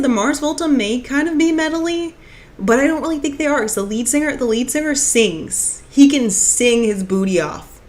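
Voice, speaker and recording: A young woman streaming live, chatting casually and reading out viewer comments, rambling with lots of restarts and filler words. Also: a little high. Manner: rambling, restarts, many "like"s, reads chat comments aloud.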